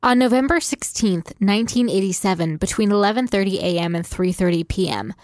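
A woman with a mid-range voice co-hosts a casual chat. She reads news copy and drops teasing, quick asides. The sound is dry, with no room echo. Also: medium pitch, darkish tone. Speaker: co-host. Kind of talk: casual chat and reading aloud.

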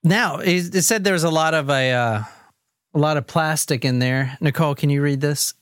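A woman hosting and telling a true-crime case in casual chat, expressive and laughing often. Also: deep voice, moderate pace, no echo, studio quality. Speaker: host.

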